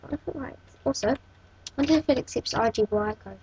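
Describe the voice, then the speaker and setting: A woman's voice: sits high, quick pace, darkish tone, a little hiss or hum, poor audio. A woman hosting a casual coding tutorial, thinking aloud and correcting herself as she works. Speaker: tutorial host.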